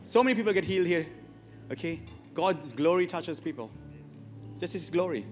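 A man's voice: high voice, animated, normal speed, big-room sound, soft background music. A man preaching a sermon to his church, emphatic and often asking the congregation questions. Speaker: pastor. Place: church hall.

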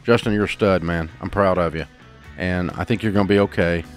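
A man's voice: low-pitched, fairly even intonation, fairly quick, faint music behind. An older man hosting a call-in advice show, speaking in a blunt, folksy, plain-spoken way. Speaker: radio show host. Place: radio studio.

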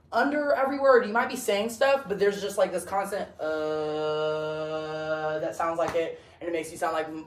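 A woman's voice: medium pitch, slight background noise. Young woman debate coach, blunt and chatty, far off in a roomy classroom. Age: young adult. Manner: blunt, chatty, full of "like" and "okay?". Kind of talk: casual classroom lecture. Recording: roomy classroom, voice from across the room.

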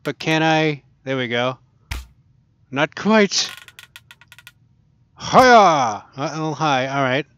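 A man's voice: on the high side, slow, fairly bright tone, slight background noise. A man casually commenting while he plays a VR archery game, chatting and laughing to himself as he goes. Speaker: gaming channel host.

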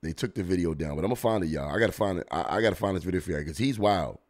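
A man's voice: deep voice, very fast. A man hosting a podcast, giving blunt, profane comedic commentary as he reacts to videos. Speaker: podcast host.

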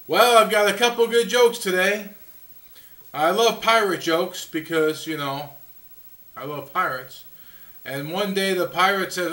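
A man's voice: sits high, unhurried, a bit bright, echoey room, far from the mic. A man hosting a daily video vlog who tells jokes goofily into a small camcorder's built-in mic. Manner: goofy, chuckles at his own jokes. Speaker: vlog host.

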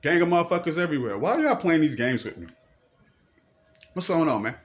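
A man's voice: a little high, sing-song, fairly quick. A man delivering a confrontational, profanity-heavy rant to a camera, repeating himself and firing accusing questions. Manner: confrontational, repetitive, swearing. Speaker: person ranting to camera.

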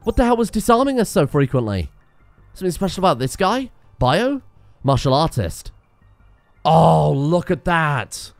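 A young man giving casual, excitable let's-play commentary, swearing and laughing at in-game disasters. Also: high voice, a little fast, no echo, faint music behind. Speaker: gaming video host.

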